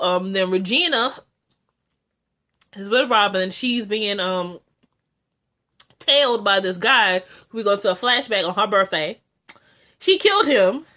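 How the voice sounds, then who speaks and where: A young woman talking through a TV episode in a loose, casual vlog. She is chatty and excitable, with plenty of fillers and asides, and her voice sits at an ordinary middle pitch for a woman. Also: measured pace, pauses often. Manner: chatty and excitable, frequent "like" and filler, jumps high when excited. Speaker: TV episode reviewer.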